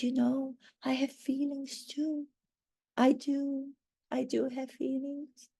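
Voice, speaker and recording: A woman's voice: a little high, gravelly, mellow, breathy edge, exaggerated voice. A woman playing a vain, self-pitying royal wife in a satirical monologue, talking with melodramatic, wheedling flair.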